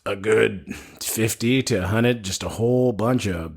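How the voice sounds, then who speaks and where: This man co-hosts a casual movie review chat, talking at a fairly low pitch. He rambles through scene recaps with animated energy and tosses in quick put-on voices for the characters he quotes. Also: slightly rough. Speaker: podcast co-host.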